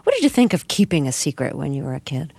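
A radio interviewer asking measured, gently probing questions. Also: mid-range voice, huge pitch swings, gravelly, breathy edge.

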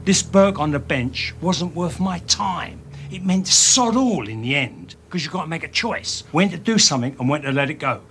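A hard-bitten ex-convict with a thick Cockney accent, talking slow and menacing in street slang. The voice sits a touch high, and a faint ambient hiss runs under it. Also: male voice, animated, fairly bright tone. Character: tough ex-con man, thick Cockney put-on. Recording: film clip with faint ambience.

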